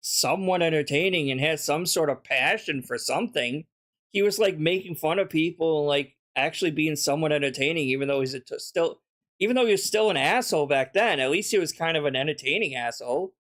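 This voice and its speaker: Male streamer, somewhat high-pitched, blunt and sneering in casual commentary. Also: expressive, a little fast, fairly bright tone. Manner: blunt, mocking, swears often. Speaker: streamer reacting to a video.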